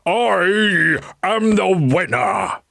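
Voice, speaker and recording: A woman voicing a huge, red-faced knight who brags loudly and snarls in a children's storybook. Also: high-pitched, very animated, drawn-out words, vocal fry, no echo, clean studio sound, full character voice. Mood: boastful. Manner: bellowing, snarling.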